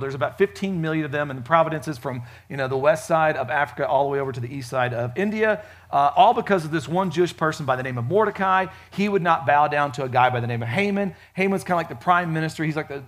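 A man preaching a casual sermon at a church service, chatty and joking, with frequent fillers and lively swings in loudness. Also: fairly high pitch. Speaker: pastor.

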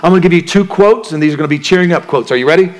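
Speaking very fast in a fairly high voice, a male pastor preaches in a chatty style. He quizzes the congregation and performs the inner voices in people's minds.

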